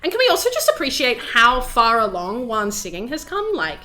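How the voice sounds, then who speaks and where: A woman's voice: a little high, huge pitch swings, normal speed, pushed and bright, faint music behind. A woman streamer chatting casually to her live audience in a bubbly, talkative way, full of fillers. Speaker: VTuber streamer. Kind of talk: casual livestream chat.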